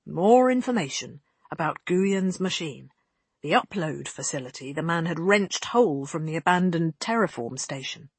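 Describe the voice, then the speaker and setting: Husky narrator reading a story, steady and measured, close mic. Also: mid-range voice, dry recording. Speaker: audiobook narrator. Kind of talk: scripted narration.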